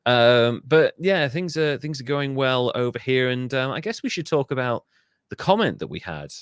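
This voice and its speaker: A man's voice: mid-range voice, sing-song, moderate pace, clean tone, dry recording, studio quality. A man from England, co-hosting a podcast in casual, jokey chat and swearing freely. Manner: swears freely, jokey, mimics people in silly voices. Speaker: podcast co-host.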